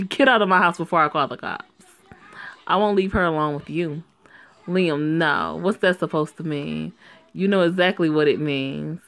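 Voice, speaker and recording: A woman reading a story game aloud and reacting to it in a sassy, profane way that is quick to laugh. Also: deep voice, fairly bright tone, soft background music.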